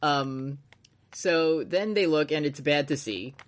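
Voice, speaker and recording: A mid-pitched voice retells a story on a casual podcast. The delivery is loose and animated, with swearing and laughter mixed in. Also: slow pace. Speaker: podcast co-host. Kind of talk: casual chat recapping an anime.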